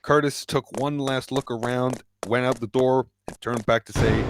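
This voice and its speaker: A man's voice: fairly even intonation, noisy background. A man reading a fan-written story aloud, stumbling and restarting lines and raising his voice for the characters. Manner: halting reading with restarts, pushed-up pitch for quoted lines. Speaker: fanfic reader.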